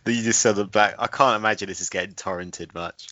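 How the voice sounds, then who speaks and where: A man's voice: fairly low pitch, fairly quick, bright, forceful tone, no room sound. A man co-hosting a podcast, chatting casually and jokingly about a film he watched. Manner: jokey, laughs often, voices characters in retelling. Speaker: podcast co-host. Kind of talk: casual movie review chat. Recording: dull lo-fi, dry sound.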